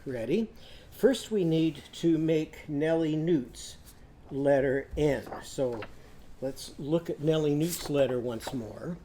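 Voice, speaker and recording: A man's voice: on the high side, dark tone. A man teaching a children's literacy lesson, patient and sing-song, often singing lines for kids to repeat.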